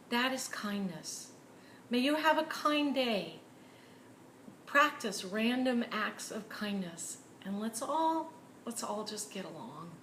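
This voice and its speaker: A woman preaching a sermon in an earnest way, dropping to hushed, near-whispered words for emphasis. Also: medium pitch, echoey room, a little hiss or hum, rough recording. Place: church.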